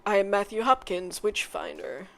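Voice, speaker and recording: A woman making a casual music tier list, swearing often, mumbling asides and bursting into loud excited outbursts. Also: mid-range voice, moderate pace, gravelly. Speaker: content creator.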